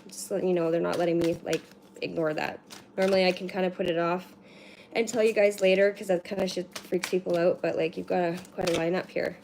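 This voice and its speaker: A woman's voice: on the low side, flat delivery, brisk, vocal fry. Chatty woman giving a card reading. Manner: chatty, rambling, swears casually, many "like" fillers. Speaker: card reader. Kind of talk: casual livestream card reading. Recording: noisy with card shuffling and clicks. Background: shuffling cards and clicks.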